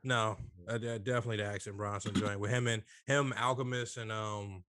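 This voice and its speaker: A man's voice: lowish voice, fairly even intonation, a little fast, a bit bright, no room sound, clean studio sound. A man rambling in casual podcast chat among friends, loose and full of fillers and swearing.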